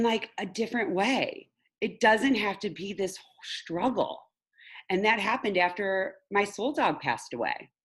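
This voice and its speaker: A woman's voice: lowish voice, fairly bright tone. A woman who works as a mindset coach tells a personal story in a candid, emotional way during a live online class. She laughs at her own slips and speaks straight to her viewers.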